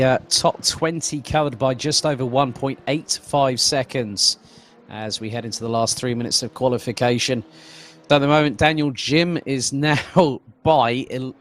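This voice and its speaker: A man doing lead commentary on a sim race stream, chatty and loose, with fillers and restarts. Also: medium pitch. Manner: conversational, fillers and restarts, reads out viewer comments.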